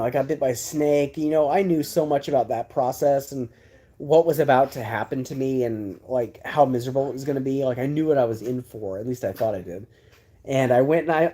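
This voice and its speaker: A man in his thirties hosting a livestream, telling a story in a loose, rambling way. He keeps breaking off into side remarks and fillers before getting back on track. His voice sits at an ordinary middle pitch. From Texas. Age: 30s. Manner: animated, rambling storyteller with many asides and fillers. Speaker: livestream host.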